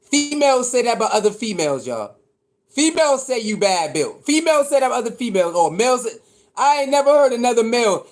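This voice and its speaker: A man ranting in a casual, mocking and incredulous way, repeating himself, laughing, and jumping from shouts down to mutters. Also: very high-pitched, very animated, quick pace. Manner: mocking, incredulous, swings between shouting and mumbling. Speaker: commentator reacting to online critics. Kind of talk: animated casual rant.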